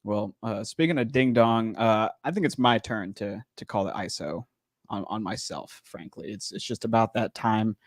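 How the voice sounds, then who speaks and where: A man's voice: fairly low pitch, moderate pace, dry recording, clean studio sound. A man hosting a casual basketball podcast, teasing his co-hosts with wry banter. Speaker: podcast host. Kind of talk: casual sports podcast chat.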